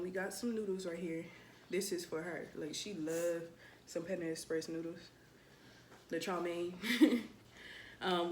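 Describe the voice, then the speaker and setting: A woman hosting her own casual mukbang vlog, chatting to viewers in a relaxed way with plenty of ums. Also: fairly low pitch. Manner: relaxed, chatty, many ums, talks straight to viewers as y'all. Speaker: channel host. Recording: echoey room with faint background noise.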